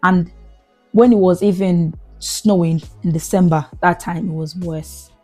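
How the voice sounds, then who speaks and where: A young Nigerian woman hosting a podcast, chatting casually with lively exclamations and frequent laughs. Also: lowish voice, unhurried, soft background music. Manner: animated, exclamatory, laughs often. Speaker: podcast host. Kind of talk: casual storytelling chat.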